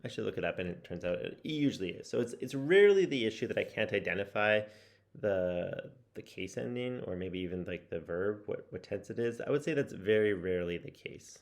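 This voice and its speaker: A native English-speaking language-learning vlogger with a fairly low, expressive voice gives a casual spoken update on his study progress, talking fairly quickly. He rambles and muses self-reflectively, with many fillers and restarts.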